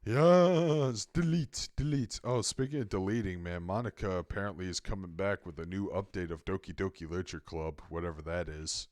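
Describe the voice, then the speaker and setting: A man's voice: deep voice, steady tone, quick pace, hardly any pauses, dry recording. A man co-hosting a podcast in casual chat, blunt and swearing freely. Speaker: podcast co-host.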